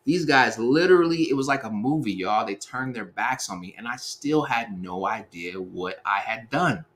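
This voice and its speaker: A man in his thirties telling a personal story in a relaxed, slangy way, acting out the quotes as he goes. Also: mid-range voice, normal speed, hardly any pauses. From Seattle area, USA. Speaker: speaker sharing life advice. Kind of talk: storytelling talk.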